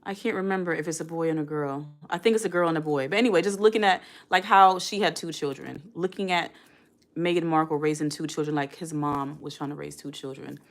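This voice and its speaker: A woman around forty talks casually on a live stream with a somewhat low voice. She chats directly to her viewers and reads their comments aloud. Her delivery is loose and conversational. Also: brisk.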